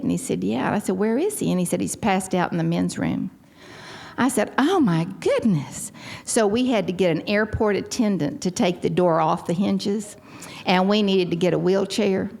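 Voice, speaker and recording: In a large hall, an older Texan woman with a gravelly, lowish voice speaks at a recovery meeting. She tells her personal story in a Texan accent, animated throughout and acting out the quotes.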